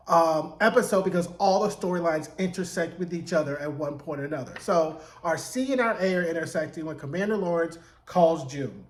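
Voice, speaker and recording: A man giving a chatty, animated recap of a TV episode, acting out the characters' lines. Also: high voice. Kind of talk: casual recap commentary. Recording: echoey room.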